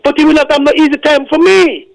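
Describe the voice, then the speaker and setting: A man's voice: extremely high pitch, steady tone, fast talker, creaky, dry recording. Indignant Kittitian man on a phone line. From Saint Kitts and Nevis. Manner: indignant, insistent, repeats points. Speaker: caller. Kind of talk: call-in radio rant.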